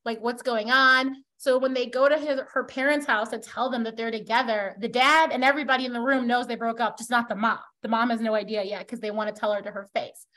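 A young woman on a book club podcast, casually retelling a novel's plot in an animated way and dropping "like" all through her talk. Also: fairly high pitch, fast talker, few pauses. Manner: animated storyteller who acts out characters' lines; heavy use of "like" as a filler.

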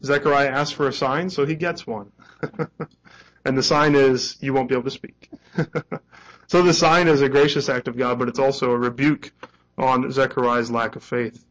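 A male pastor delivers a sermon in an easy, conversational manner. He slips into quoted lines with a bit of acting and a light chuckle, at an ordinary middle pitch. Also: steady tone, moderate pace, lo-fi sound.

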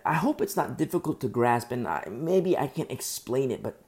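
A man's voice: medium pitch, big pitch swings, normal speed, a little mellow. A man preaching a sermon as pastor, emphatic and repetitive, often restarting his sentences.

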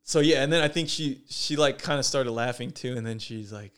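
A man's voice: mid-range voice, brisk, clean tone. A young man hosting a podcast in casual chat, laid-back and laughing, with lots of fillers. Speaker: podcast host.

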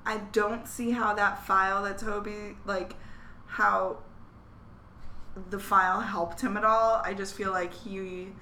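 A woman's voice: mid-range voice, little pitch movement, takes it slowly, pushed and bright, a little hiss or hum. A woman co-hosting a podcast in casual chat, talking through ideas and acting out lines in quotes. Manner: chatty, acts out characters' lines in quotes. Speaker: podcast co-host. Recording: echoey room.

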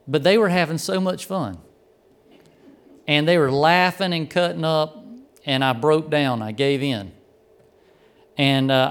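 A man's voice: fairly high pitch, smooth. Folksy male preacher. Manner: folksy, humorous, lots of restarts and fillers. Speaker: pastor. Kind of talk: sermon with personal storytelling.

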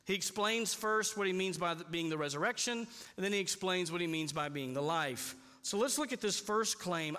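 A man preaching a sermon in a church, emphatic and slowing down on key points. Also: sits high, animated, pushed and bright. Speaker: pastor. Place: church sanctuary. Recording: long hall reverb.

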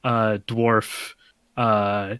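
A man's voice: on the low side, level tone, drawn-out words, fairly bright tone, clear, resonant tone, dry recording. A man who designs games, chatting as a podcast guest, rambling a little and laughing often. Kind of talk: casual chat.

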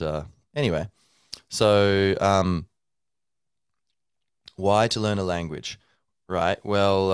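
A man's voice: low-pitched, clear, resonant tone, no room sound, clean studio sound. A man hosting a podcast, speaking in a loose, rambling monologue full of fillers and sounding tired from little sleep. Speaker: podcast host.

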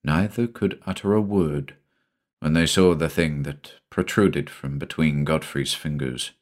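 A man narrating a horror story aloud in a dramatic, expressive reading style. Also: very deep voice, measured pace. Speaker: audiobook narrator. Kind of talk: scripted narration.

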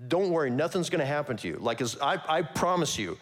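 A man's voice: on the high side, very animated, fast, husky, faint music behind. A man doing an eager, loyal follower. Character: eager, loyal young male follower, later crushed.

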